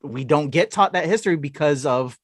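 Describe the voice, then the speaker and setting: A man's voice: on the high side, moderate pace, no room sound, studio quality. A man hosting a podcast interview, enthusiastic and affirming toward his guest. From United States. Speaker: podcast host.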